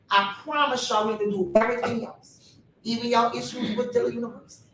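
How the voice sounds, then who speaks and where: A woman's voice: a little high, steady tone, brisk, a bit bright. A woman speaking on a panel with fire and a preacher-like cadence, talking straight to her audience. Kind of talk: impassioned panel talk. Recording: echoey room from a distance.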